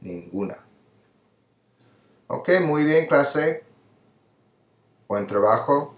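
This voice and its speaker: A man's voice: mid-range voice, lively intonation, slow pace, reverberant. A man teaching a Spanish grammar lesson, patiently explaining each answer step by step in English and Spanish. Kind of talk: recorded classroom lesson.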